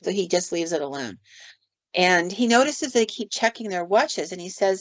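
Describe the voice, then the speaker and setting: This woman's mid-range voice is animated and moves at a normal speed as she co-hosts a podcast and casually retells ghost tales. Fillers and quoted asides fill her storytelling, captured in a dull, muffled, lo-fi recording with no room sound.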